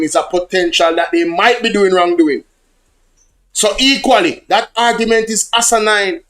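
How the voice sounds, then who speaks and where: Jamaican male streamer, fairly high-pitched, lively chat to viewers, drops into patois. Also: normal speed. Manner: animated, slips between English and patois, addresses chat directly. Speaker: livestream host. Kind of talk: casual livestream commentary.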